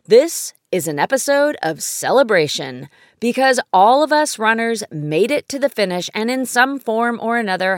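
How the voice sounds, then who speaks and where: Woman, fifties, podcast host: upbeat, welcoming read with a lively, swinging pitch and a dry, close sound. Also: no room sound. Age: 50s. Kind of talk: scripted podcast narration.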